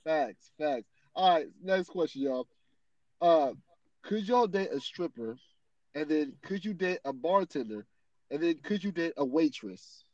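High-voiced man in laid-back crude chat. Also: animated, unhurried, a little mellow, no room sound, dull audio. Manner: laid-back, crude, laughs often, repeats "you know what I'm saying". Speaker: podcast co-host. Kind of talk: casual chat.

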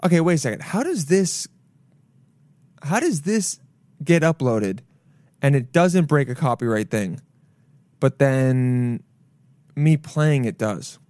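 A young man hosting a solo podcast from his apartment, rambling loudly with jokes and swearing. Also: medium pitch, expressive, slow, long pauses, no room sound. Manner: rambling, loud, jokey, swears a lot. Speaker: podcast host. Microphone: camera mic.

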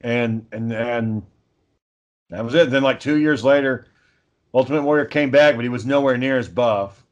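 A man's voice: mid-range voice, normal speed, lo-fi sound. A man chatting casually on a podcast, spinning a long, rambling story. He swears freely and keeps circling back with fillers and restarts. His voice sits in a middle range. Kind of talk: casual chat.

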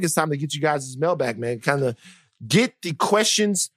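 A man co-hosting a podcast in casual chat, a teasing, animated storyteller who acts out what others said. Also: on the high side, normal speed, husky, no room sound, studio quality. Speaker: podcast co-host.

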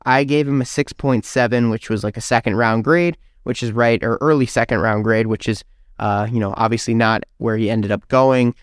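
An upbeat man co-hosting a casual sports podcast, running through quick analysis. His voice is smooth and resonant at a middle pitch. The sound is dry and close, with no room around it. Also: steady tone, dry recording. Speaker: podcast co-host.

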